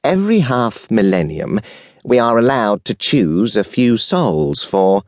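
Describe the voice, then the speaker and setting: A man voicing a second male angel in an audiobook, explaining things slowly and gently. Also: on the low side, very animated, no echo, clean studio sound. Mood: calm. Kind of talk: audiobook character voice.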